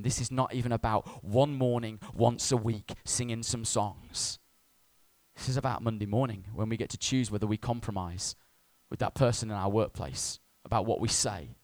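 A man's voice: medium pitch, dry recording. Passionate male pastor preaching a sermon. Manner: swings between loud urgent exhortation and soft near-whisper; conversational asides, gentle humor.

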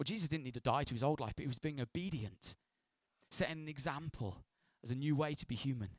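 A man preaching a sermon as pastor, animated, dropping to hushed asides and rising to loud, playful bursts. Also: medium pitch, no room sound, studio quality.

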